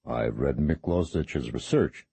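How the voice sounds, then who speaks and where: Brief: weary, ragged-voiced priest, put on by a male narrator, low hushed tone. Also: takes it slowly, vocal fry, breathy edge, no room sound, exaggerated voice. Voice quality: whispering, ragged.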